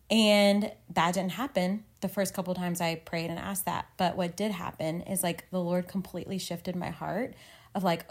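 A woman's voice: medium pitch, fairly even intonation, fairly quick. Earnest chatty woman podcaster. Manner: earnest, rambling, many "like" fillers, emotional. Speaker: podcast co-host. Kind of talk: casual faith podcast chat.

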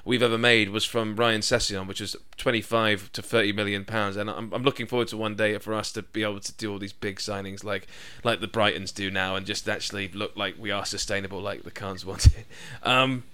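A man's voice: on the low side, flat delivery, fairly quick, hardly any pauses, pushed and bright, clean tone. A man hosting a casual football podcast, chatty and enthusiastic, with frequent fillers and restarts. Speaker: podcast host.

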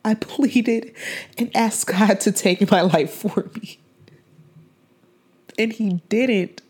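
A woman's voice: medium pitch, slow, darkish tone, breathy edge. A young woman hosting a faith-based podcast, talking in an earnest, heartfelt way that rambles and restarts. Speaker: podcast host.

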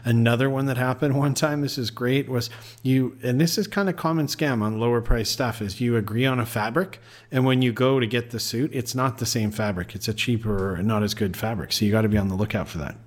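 A man's voice: medium pitch, a little fast. A man co-hosting a podcast, chatting casually and giving direct practical travel tips. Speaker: podcast co-host.

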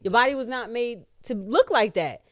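A woman's voice: fairly high pitch, expressive, moderate pace, no echo. A woman hosting a podcast in casual chat, ranting bluntly and emphatically with heavy swearing. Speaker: podcast host.

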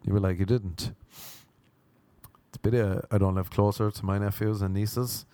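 Speaking briskly in a lowish, mellow voice with little pitch movement, a young comedian from Ireland rambles through a stand-up routine. He mocks freely and keeps dropping into goofy character voices, and there's no echo.

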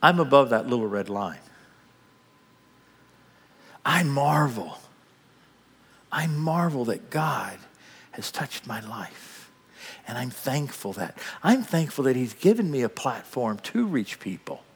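Animated preaching man, husky, in a reverberant hall. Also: mid-range voice, slow pace, pauses often. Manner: dramatic, animated preaching that acts out the scene. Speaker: pastor. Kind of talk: sermon.

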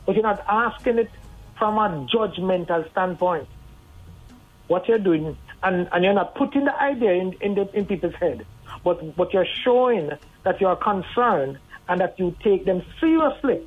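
Husky voice on a phone line. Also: medium pitch, animated, normal speed. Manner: earnest, advising, conversational. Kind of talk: radio call-in talk. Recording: tinny phone line over faint music.

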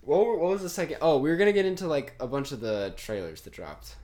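Young male podcast host, casual, rambling, very animated pitch. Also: fast. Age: young adult. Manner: rambling, laughs often, trails off. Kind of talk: casual chat.

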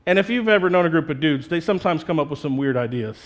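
A young adult male pastor preaches in a lively, conversational style, talking fast in a voice that sits high for a man. He's animated and swings into playful, put-on quoted voices to make his point.

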